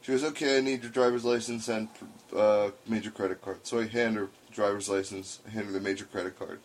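A man's voice: lowish voice, fairly quick, a little hiss or hum. A man casually telling a story on a podcast, swearing freely and acting out what people said. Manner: animated storytelling with profanity and acted-out quotes. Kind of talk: casual chat.

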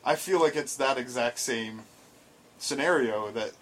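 A man's voice: mid-range voice, measured pace. A man in casual chat, blunt and teasing, arguing his point with frequent swearing. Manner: blunt, teasing, argumentative, profane.

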